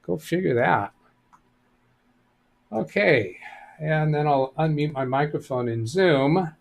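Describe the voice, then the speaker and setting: A middle-aged man hosting a live stream, reading out viewer chat and answering computer questions in a relaxed, thinking-aloud way. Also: on the high side, slow pace, gravelly.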